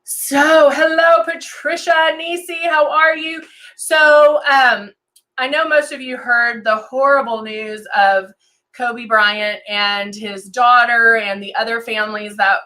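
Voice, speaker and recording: A woman's voice: mid-range voice, sharp tone. A woman hosting a casual live-stream makeup tutorial, chatting with lots of ums and greeting viewers by name as she works. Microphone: desk camera and monitor setup.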